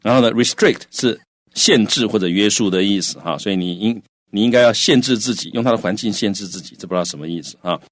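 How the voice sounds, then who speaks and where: Deep-voiced man giving a patient bilingual lesson. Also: no echo, studio quality. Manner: patient and steady, with frequent filler sounds and slowed English terms. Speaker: English teacher explaining in Chinese.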